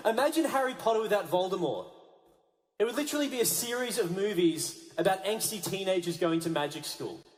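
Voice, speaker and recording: A Catholic priest with a fairly high voice gives an energetic youth rally talk on a stage mic. He sinks his voice low and soft to land a point. The sound rings around a big, reverberant hall. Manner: energetic, dropping low and quiet for emphasis. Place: large conference hall with a big audience. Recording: echoey large hall.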